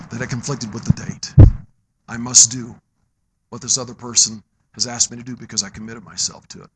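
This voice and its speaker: A middle-aged man preaching a sermon, moving between loud, emphatic exhortation and low, quiet storytelling. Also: a little hiss or hum.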